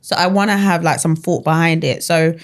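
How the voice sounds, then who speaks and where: A woman's voice: low-pitched, brisk. Candid young woman guest. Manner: candid, animated storytelling with slang. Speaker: podcast guest. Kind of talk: casual chat.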